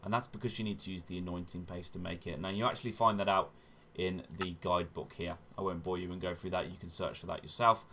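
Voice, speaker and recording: A man with a low-pitched voice talks through his gameplay in a chatty, relaxed way, explaining each step. He often corrects himself mid-sentence and keeps up an easygoing commentary. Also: fast talker, hardly any pauses, a little hiss or hum. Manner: chatty, self-correcting, often says "wonderful". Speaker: gaming channel host.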